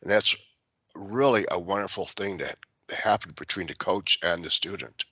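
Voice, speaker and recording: Male radio host, low but bright voice, calm and reflective, dry sound. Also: normal speed, breathy edge, no room sound. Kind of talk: casual radio chat.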